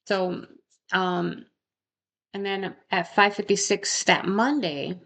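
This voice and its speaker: A woman's voice: medium pitch, fairly even intonation, takes it slowly, vocal fry, a bit bright. A woman narrating a true crime case in a casual, conversational way, often tagging "right?" and adding indignant asides.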